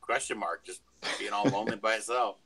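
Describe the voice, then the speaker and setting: A man's voice: fairly low pitch, a little fast, crowd noise. A man joining a casual live-stream chat as a guest, throwing in dry wisecracks and swearing. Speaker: panel guest. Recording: noisy mic with clicks.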